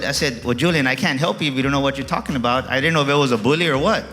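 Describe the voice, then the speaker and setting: A man giving a motivational keynote speech to a live audience, energetic and acting out dialogue in changing voices. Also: medium pitch, very fast, hardly any pauses, soft background music. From Texas. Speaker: motivational speaker. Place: auditorium.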